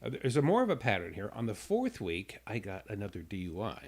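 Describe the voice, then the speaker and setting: A man's voice: on the low side, wildly swooping pitch, a little fast, a little mellow, husky. Rambling male radio host telling a story. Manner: rambling, stumbling restarts, acts out the voices in his story. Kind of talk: casual storytelling chat.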